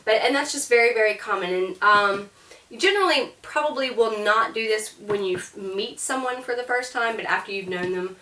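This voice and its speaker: A woman's voice: mid-range voice, brisk, bright, forceful tone, a little hiss or hum. A woman teaching a beginner French lesson, explaining step by step with demonstrations. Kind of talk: casual classroom lesson. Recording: roomy echo, voice from a distance.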